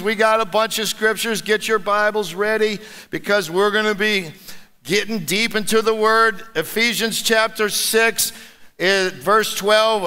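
Bright, high-voiced man preaching. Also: clean tone. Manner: energetic preaching, leads congregation call-and-response. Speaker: pastor. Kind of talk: sermon. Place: church sanctuary. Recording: long church hall reverb.

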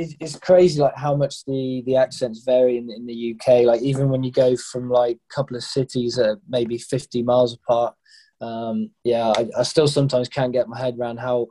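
A young adult man from England with an English accent, a skydiving guest who talks in a halting way with many repeated words and fillers. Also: mid-range voice, little pitch movement, mellow, poor audio. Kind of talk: casual podcast interview.

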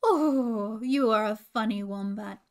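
A woman's voice: a little high, slow. A woman voicing a cheerful, giggly owl in a children's story. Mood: teasing. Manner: bright, loud and laughing.

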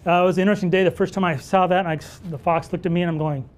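A man teaching wildlife photography at a live workshop, telling stories and answering audience questions in an animated way. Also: sits high, very fast. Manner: animated storyteller who acts out dialogue.

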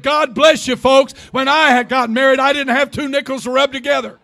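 A man in his sixties preaching a fervent Pentecostal sermon in a church, often shouting and calling for responses. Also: extremely high pitch, fairly even intonation, brisk, creaky, hardly any pauses. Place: church sanctuary.

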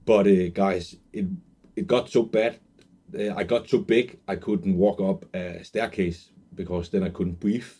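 A man in his twenties telling an earnest, emotional personal story as a sales pitch, with many fillers and restarts. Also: steady tone, a little slow, mellow, husky. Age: 20s. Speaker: online marketer pitching a course.

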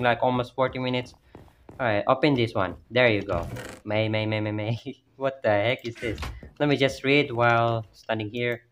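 This gamer comments on a horror map playthrough at home with family close by, jumpy and talking to himself, letting out a yelp at each scare. He speaks at a medium pitch with a fairly bright tone, and faint hiss or hum sits under the recording.

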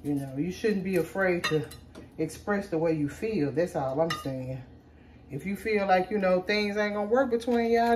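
A woman's voice: medium pitch, animated, normal speed, darkish tone, roomy sound. A woman casually chatting to her viewers as she cooks in her home kitchen. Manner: chatty, talks straight to viewers as "y'all". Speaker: cooking vlogger. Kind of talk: casual chat while cooking. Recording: distant mic with noisy kitchen background.

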